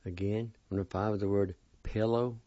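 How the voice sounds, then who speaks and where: A man teaching a vocabulary lesson, spelling and pronouncing each word slowly and patiently, repeating it several times. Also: fairly low pitch, level tone, warm tone, dry recording. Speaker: language teacher. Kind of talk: slow spelling and pronunciation lesson. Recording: dull lo-fi recording.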